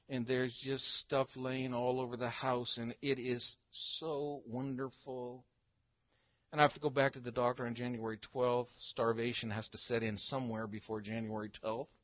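An older man preaching a Bible-teaching sermon, emphatic, slowing down to read scripture aloud. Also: medium pitch, a bit bright, no echo.

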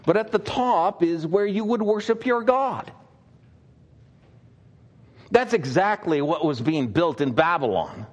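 A male pastor delivers a sermon like a told story, relaxed and conversational. His speech is full of fillers and small restarts, and his voice sits slightly high for a man. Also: a little slow, pauses often, highs cut off.

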